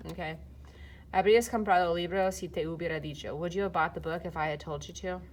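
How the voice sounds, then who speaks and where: A woman's voice: fairly low pitch, steady tone, fast. A woman teaching Spanish grammar, explaining step by step in a casual way with fillers, while filming and typing. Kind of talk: recorded lesson walkthrough.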